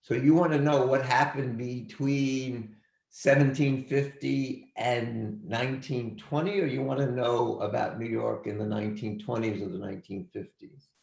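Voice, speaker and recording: Man, history teacher, gravelly voice, echoey room, video call, emphatic, repeats himself. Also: medium pitch, steady tone, unhurried, a little mellow. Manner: emphatic, repeats phrases, calls on students by name. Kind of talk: online class lecture.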